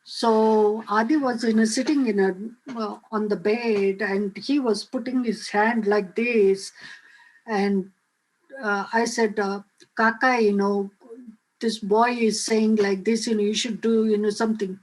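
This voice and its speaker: An older woman on a video call telling a personal story, halting often with filler phrases. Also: medium pitch, steady tone, poor audio. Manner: halting, frequent "you know" fillers. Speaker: guest speaker.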